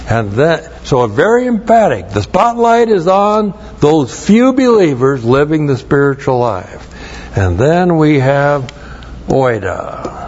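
A man's voice: fairly high pitch, a little mellow, muffled recording. A man teaching a Bible passage, explaining Greek grammar, stressing and repeating key phrases and spelling out words letter by letter. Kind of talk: expository Bible teaching with Greek word study.

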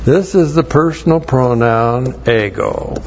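A man's voice: mid-range voice, animated, a little slow, muffled recording, slight background noise. A man teaching a Bible passage, explaining Greek grammar, stressing and repeating key phrases and spelling out words letter by letter. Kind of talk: expository Bible teaching with Greek word study.

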